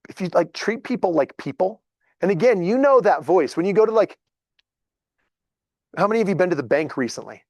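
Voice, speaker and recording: A man, telling stories casually to a group in a lively, chatty way and acting out what people said. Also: high-pitched, no room sound, studio quality. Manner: animated, chatty, acts out dialogue. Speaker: real estate agent. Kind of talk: casual storytelling talk to a group.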